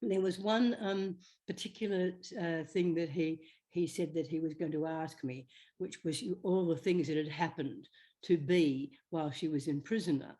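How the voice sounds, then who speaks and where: An older woman, an actress guest telling chatty, animated stories in an interview. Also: deep voice, normal speed. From Australia. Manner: chatty, animated, slips into quoted voices. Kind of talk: anecdotal storytelling.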